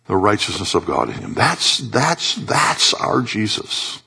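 A man preaching a sermon with passion, rising to loud high peaks and dropping to soft low tones. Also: sing-song, slow pace, creaky, slightly rough.

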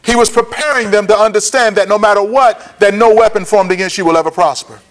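A man whose voice sits high teaches a Bible lesson as a preacher. He keeps checking that the audience follows along and slowly restates key points for their notes.

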